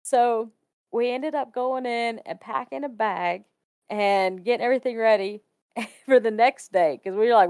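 Fairly high-pitched and smooth, an Ohio woman speaks at a measured pace while casually telling a guest audience about an eerie experience of her own. She's expressive, laughs often, and voices the characters she quotes, recorded dry in a clean studio.

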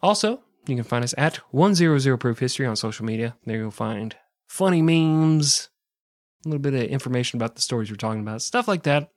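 A man's voice: medium pitch, lively intonation, quick pace, no echo, clean studio sound. An American man co-hosting a podcast, joking crudely and playfully as he wraps up the episode. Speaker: podcast co-host. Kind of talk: casual podcast outro banter.

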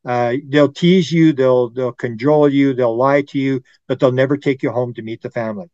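A man's voice: medium pitch, steady tone, normal speed, darkish tone, no room sound, dull audio. A man in his sixties, a guest UFO researcher, talking earnestly in a casual interview and acting out quoted voices.

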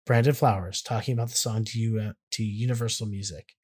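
A man's voice: fairly low pitch, fairly even intonation, quick pace, a little mellow, husky. A man co-hosting a podcast in casual chat, rambling with restarts and laughing easily. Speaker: podcast co-host.

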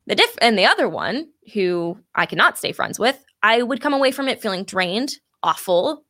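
Bright-voiced woman chatting on a podcast, swears a lot, says like a lot, super candid. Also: mid-range voice, very animated, normal speed. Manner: candid, swears freely, lots of "like". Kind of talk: casual chat.

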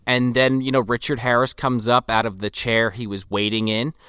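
A man's voice: mid-range voice, flat delivery, normal speed, bright, forceful tone, clear, resonant tone, dry recording, studio quality. A man co-hosting a podcast, riffing on a film with sardonic, profane humor. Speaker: podcast co-host. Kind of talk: casual movie recap chat.

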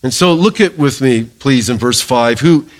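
A middle-aged male pastor preaching a sermon in a lively, joking way, calling for amens from the congregation. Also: mid-range voice, normal speed.

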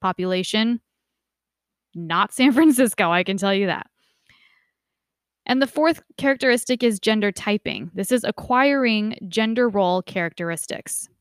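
A young woman giving a casual lecture, conversational and lively when she imitates relatives. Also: mid-range voice, normal speed, clear, resonant tone, no echo, clean studio sound. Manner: conversational, animated quoting of family voices. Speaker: instructor.

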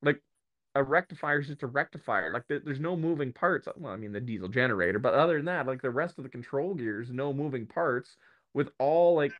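Animated ranting man in casual talk. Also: mid-range voice, a little fast, dull audio. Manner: ranting, animated, acts out quoted voices. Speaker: guest, electric motor repair specialist. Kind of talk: casual podcast conversation.

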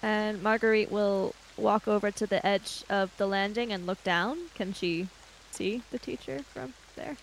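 A woman's voice: medium pitch, steady tone, measured pace, a little hiss or hum, rough recording. A woman player in a tabletop game, casually describing her character's actions while thinking aloud.

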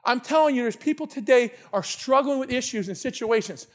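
Excitable male preacher with a very high voice, shouting at peaks, restarting lines. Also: normal speed, vocal fry, hardly any pauses. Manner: excitable, shouting at times, repeats words. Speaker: pastor. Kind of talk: sermon. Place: church sanctuary.

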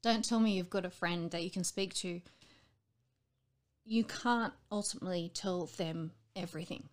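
A woman's voice: fairly low pitch, normal speed. Frank, rambling woman in her late thirties. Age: late 30s. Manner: frank, rambling, acts out quoted voices. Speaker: interview guest. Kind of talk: candid personal conversation.

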